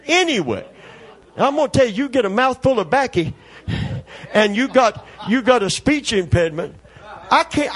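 Folksy preacher telling a story. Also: male voice, high voice, husky. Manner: folksy, animated, acts out voices. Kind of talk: storytelling sermon testimony.

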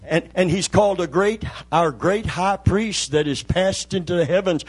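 A man's voice: sits high, normal speed, few pauses, husky. A man preaching a sermon to a congregation, building to emphatic repeated phrases and calling out for amens. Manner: preaching with rising emphatic repetitions and call-outs to the congregation. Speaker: pastor.

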